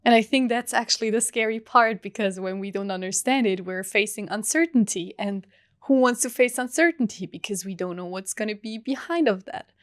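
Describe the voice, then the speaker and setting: A young woman hosting a reflective solo podcast, talking softly and earnestly with long pauses. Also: medium pitch, no room sound, clean studio sound. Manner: soft, earnest, heartfelt, with drawn-out pauses. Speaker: podcast host.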